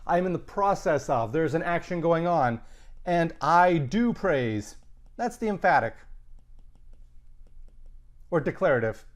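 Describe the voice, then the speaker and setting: A middle-aged man teaching a recorded Latin grammar lesson, conversational and emphatic with punchy asides. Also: fairly high pitch.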